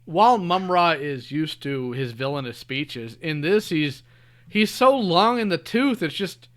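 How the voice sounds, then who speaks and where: A man on a podcast, chatting casually and critically, often trailing off quietly. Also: fairly high pitch, lively intonation, a little slow. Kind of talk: casual chat.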